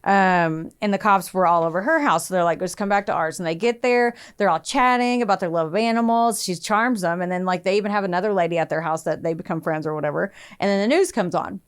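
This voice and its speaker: A woman's voice: lowish voice, fast, few pauses, smooth. A young adult woman co-hosting a podcast, telling a true crime story in casual chat, acting out quotes in raised voices and swearing freely.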